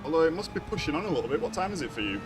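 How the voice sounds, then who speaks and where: A man's voice: a little high, very animated, racing. A young man chatting casually with his live-stream viewers, greeting them by name and laughing often. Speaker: racing game streamer. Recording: racing car game noise behind. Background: engine noise from the racing game.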